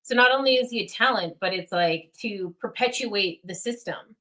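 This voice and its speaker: A young woman hosting a casual livestream, rambling with many fillers and getting excited. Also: mid-range voice, normal speed. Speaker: livestream host.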